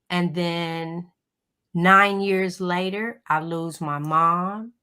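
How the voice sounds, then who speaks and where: A middle-aged woman, a guest on a livestream call, telling a personal story in an emotional, animated way. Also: fairly low pitch. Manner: emotional, animated storytelling with Southern turns of phrase.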